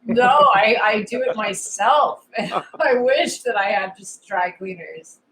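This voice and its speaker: A woman's voice: mid-range voice, expressive, slow, fairly bright tone, poor audio. A woman guest on a podcast in casual chat, candid and self-mocking, often breaking into laughs. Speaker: interview guest.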